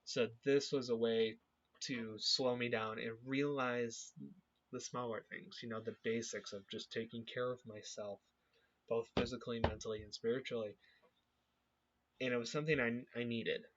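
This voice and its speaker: A man speaking as a youth group leader in an earnest, halting way, his voice sitting at an ordinary middle pitch. He shares a personal faith reflection and keeps stopping to find the next word. The recording sounds dull and lo-fi. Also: level tone. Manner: earnest, halting, searching for words.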